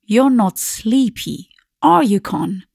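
A woman's voice: mid-range voice, slow pace, a little mellow, husky, dry recording, clean studio sound. A woman reading the part of a grand, bossy elder spinster sister who speaks in a lofty, firm way.

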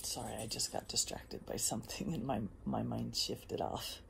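Low gravelly woman, casual motivational talk. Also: steady tone, normal speed, slight background noise. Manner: emphatic, drifts between soft whispers and bursts. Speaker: host. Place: outdoors.

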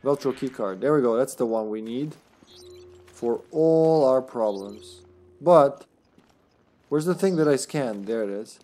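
A man's voice: medium pitch, darkish tone, soft background music. Chatty man streaming a game. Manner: chatty, laughs often, tired but talking fast. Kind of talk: casual live-stream commentary.

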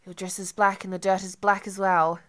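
A woman's voice: mid-range voice, steady tone, brisk, smooth, natural voice. Woman voicing a snarling violent young man. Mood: sneering. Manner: snarling, shouted threats.

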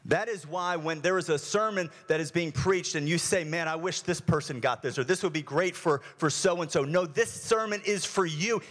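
A man's voice: high voice, fairly bright tone. A male pastor preaching a sermon in a church, earnest and repetitive, often restarting his phrases. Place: church sanctuary.

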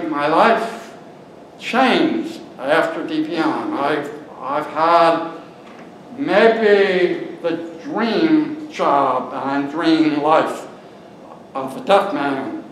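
A man in his later years speaks in a high voice, slow and deliberate, leaning on key words with earnest emphasis. He is addressing a large conference room, and the sound bounces around the very echoey space with a little noise underneath. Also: a bit bright. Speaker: keynote speaker. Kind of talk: conference speech.

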